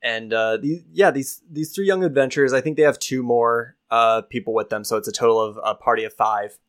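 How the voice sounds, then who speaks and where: Brief: male game master, relaxed narration, filler-heavy. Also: medium pitch, brisk. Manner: casual, hesitant, many fillers.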